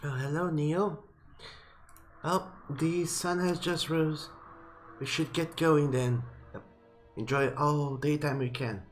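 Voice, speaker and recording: A man voicing a meek young female triton in a raised, gentle voice. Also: fairly even intonation, slow pace, faint music behind. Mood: shy friendly. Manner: raised high, gentle, a little shy.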